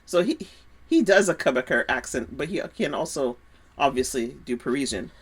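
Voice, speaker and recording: Lady with a low voice just chatting about her soaps, gets animated, restarts a lot. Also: moderate pace, breathy edge. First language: French speaker. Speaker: podcast co-host. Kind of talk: casual chat about a soap opera.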